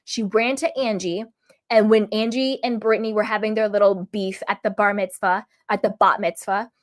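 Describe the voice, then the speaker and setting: A woman giving an emphatic, opinionated recap of a reality show episode in a casual vlog, full of quick asides. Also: medium pitch, fairly even intonation. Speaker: reality TV reviewer.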